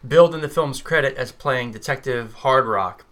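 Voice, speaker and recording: A man with an ordinary mid-range voice chats about a film and reads out bits of trivia in an easy, conversational way. He keeps a relaxed podcast tone. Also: mid-range voice, normal speed. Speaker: podcast co-host reading trivia. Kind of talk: casual movie discussion.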